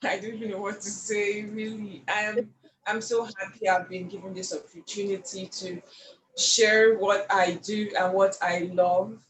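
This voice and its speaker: Animated woman in an echoey room. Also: medium pitch, a little slow. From Nigeria. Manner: animated, expressive storyteller with frequent laughs. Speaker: painter, podcast guest. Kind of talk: casual storytelling interview. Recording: echoey room with faint ambience.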